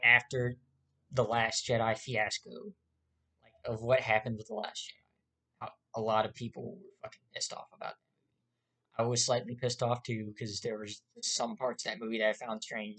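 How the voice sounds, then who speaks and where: A vlogger ranting to camera with a lot of swearing. The talk rambles with fillers and restarts, and the pitch jumps up sharply when angry. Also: fairly bright tone. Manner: profane, heated ranting.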